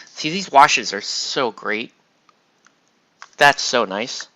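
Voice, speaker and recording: A man's voice: mid-range voice, lively intonation, slow, bright, forceful tone, no echo. A man chatting casually as he paints miniatures, rambling and restarting his sentences, with some mild swearing. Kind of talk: casual chat while painting.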